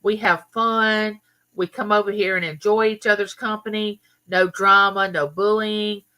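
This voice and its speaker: A woman's voice: medium pitch, fairly even intonation, measured pace, pushed and bright. A woman with a Southern US accent, from Mississippi, hosting a casual live chat and chattily greeting viewers by name. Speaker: livestream host.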